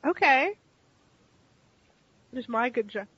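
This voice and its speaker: A high-voiced woman joins a tabletop game as a player, playful and quick to giggle. Her audio sounds dull and lo-fi. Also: expressive, breathy edge.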